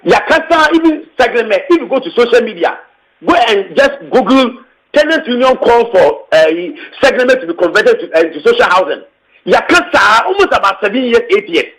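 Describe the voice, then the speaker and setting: A man's voice: very high-pitched, sing-song, normal speed, fairly bright tone, rough recording. A man with a Ghanaian English accent, speaking as a tenants union leader in an impassioned, emphatic interview statement, repeating points and slipping into local phrases. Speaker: tenants union secretary general.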